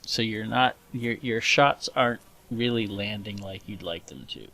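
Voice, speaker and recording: A man narrating as game master of a tabletop horror game, unhurried and descriptive. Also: fairly low pitch, bright, forceful tone, poor audio.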